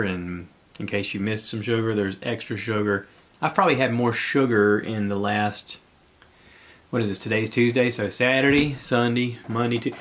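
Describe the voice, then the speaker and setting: This man's voice is lowish with a fairly bright tone. Hosting his podcast by himself, he talks in a rambling, chatty manner and sounds a bit out of breath.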